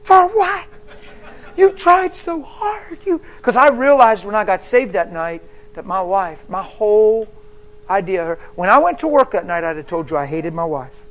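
Emphatic male preacher, fairly high voice. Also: expressive, normal speed. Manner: emphatic storyteller, swings between hushed and loud. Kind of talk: sermon, personal testimony.

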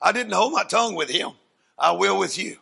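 A man preaching a sermon as a dramatic story, swinging from hushed asides to loud declarations. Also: high-pitched, animated, brisk, creaky, slightly rough.

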